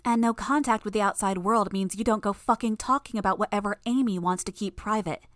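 A woman's voice: mid-range voice, brisk, dry recording, studio quality, lightly acted. A woman voicing a furious young superheroine who threatens and swears at her foes. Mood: menacing. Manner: shouting, menacing, profane.

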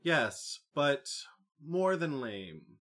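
A man voicing a thoughtful teenage girl in an audiobook, groping slowly for words. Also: a little high, big pitch swings, fairly bright tone, pitched above the performer's own voice, heavily acted. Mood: searching. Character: teen girl, thoughtful, hesitant.

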